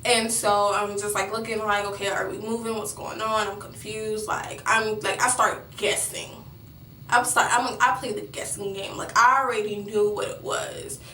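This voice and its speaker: Young woman rambling through her story, bright flat voice, roomy echo. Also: medium pitch, unhurried, recorded from a distance, slight background noise. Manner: rambling, many fillers and restarts. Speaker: vlogger. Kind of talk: personal storytelling.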